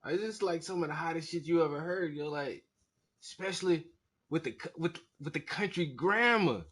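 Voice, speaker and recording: A man from South Carolina, hosting a casual music reaction and hyping up an artist in slangy, excitable talk. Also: a little high, fairly quick, breathy edge.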